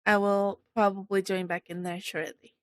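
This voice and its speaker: A woman streamer chatting casually with viewers in a bubbly, excited high-pitched voice. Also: moderate pace, no echo, studio quality. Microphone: desk microphone.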